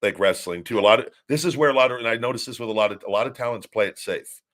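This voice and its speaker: A man's voice: mid-range voice, rapid-fire, a bit bright. A middle-aged man hosting a casual podcast, telling long stories with many restarts and repeated words. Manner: rambling storytelling with many restarts. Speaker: show host, former wrestler.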